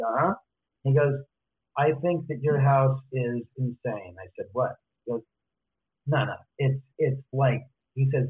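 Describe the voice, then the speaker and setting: A man, a guest author, retelling a story in lively detail and acting out both sides of each conversation. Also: mid-range voice. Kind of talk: animated storytelling in an interview. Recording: tinny phone line.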